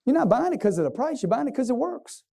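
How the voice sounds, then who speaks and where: Male sales trainer on stage: high, mellow voice, punchy crowd-quizzing delivery. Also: big pitch swings, fast, creaky, husky. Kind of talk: motivational sales seminar talk. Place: stage before a live audience.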